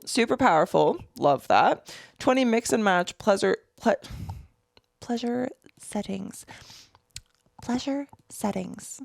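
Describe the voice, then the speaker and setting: Giggly 30s woman podcasting alone, pitch jumps all over, bit of gravel in her voice, dry close sound. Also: no echo. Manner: giggly, animated, talks to herself. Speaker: podcast host. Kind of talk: solo podcast chat, unboxing products. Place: small room alone.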